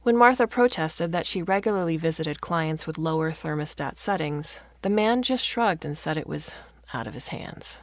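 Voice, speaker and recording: A woman reads a story aloud with expressive, wry narration. Her voice is low and noticeably gravelly. The recording is dry and close to the mic. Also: normal speed, hardly any pauses, no echo.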